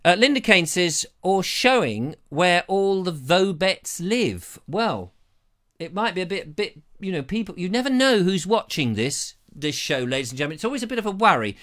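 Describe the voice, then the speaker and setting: Bright, lively, jokey British man. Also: sits high, a little fast. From Britain. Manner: jokey, chatty, digressive. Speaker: host of a live show. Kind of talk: rambling live-stream chat reading viewer comments. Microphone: lavalier mic.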